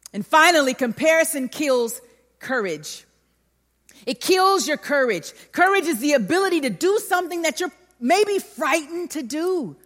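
A woman preaching a sermon, telling a personal story and acting out the voices of the people in it. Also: sits high. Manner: animated, acts out voices in her story. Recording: long hall reverb.

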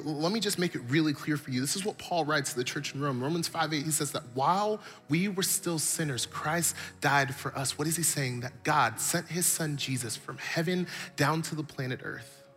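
A man's voice: fairly high pitch, fairly bright tone. A man preaching a sermon, telling stories with animation and building his points through repetition. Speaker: pastor.

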